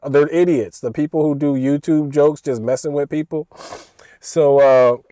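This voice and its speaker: A man's voice: a little high, fairly even intonation, moderate pace, dark tone, dry recording. A man casually telling a story from work to his audience in a laid-back, slangy way, chuckling often and throwing in "bro" and "you know.". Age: adult, older than his young coworker.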